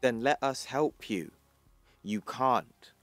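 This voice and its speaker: A man reading out the lines of a stern woman conqueror from the future in a comic recap, in a flat reading voice. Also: mid-range voice, takes it slowly, dry recording, soft background music. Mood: grim.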